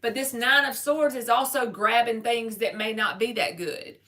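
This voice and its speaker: A woman's voice: on the high side, normal speed, bright, forceful tone. A woman giving a live-stream tarot reading, talking casually and straight to her viewers in slangy everyday speech. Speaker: tarot reader.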